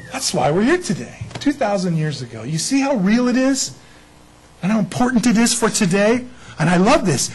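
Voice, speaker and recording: A man preaching an Easter sermon in a lively way, acting out the people in the story. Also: sits high, moderate pace, breathy edge, low-quality recording. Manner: animated, acts out bible figures. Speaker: pastor.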